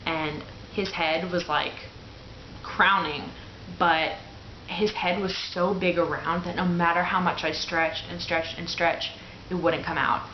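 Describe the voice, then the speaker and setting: Chatty young mom in an echoey room. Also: female voice, fairly low pitch, fairly even intonation, slow pace, slight background noise. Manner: candid and chatty, full of "like" fillers. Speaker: new mother telling her birth story. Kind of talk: casual personal storytelling to camera. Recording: echoey room, dull lo-fi sound.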